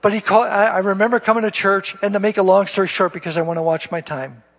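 High-voiced man telling his testimony. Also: steady tone, fast talker, fairly bright tone. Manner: storytelling, folksy, laughs at himself. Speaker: guest speaker giving testimony. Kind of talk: sermon testimony. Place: church. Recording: dull lo-fi church recording with long reverb.

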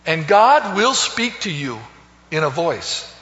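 High-voiced male preacher in an echoey hall. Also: very animated, takes it slowly. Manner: swings between soaring loud calls and hushed low phrases, repeats words. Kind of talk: sermon. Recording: echoey hall, dull lo-fi sound.

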